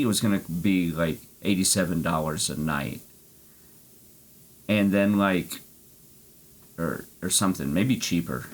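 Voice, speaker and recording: A man's voice: low-pitched, slightly rough. A man streaming an arcade golf game, telling a rambling story and swearing freely. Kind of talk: casual chat.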